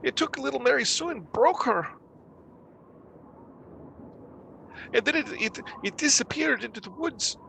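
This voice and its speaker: Screaming, terrified villager. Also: male voice, takes it slowly, pushed and bright, a little hiss or hum, heavily acted. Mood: shaken. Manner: screaming, frantic, high-pitched. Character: panicked soot-covered village man, terrified.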